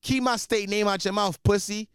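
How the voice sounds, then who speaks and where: A man's voice: sits high, steady tone, normal speed, smooth, no room sound, clean studio sound, pitched above the performer's own voice. A man voicing a hostile young man who hurls insults and taunts in angry messages.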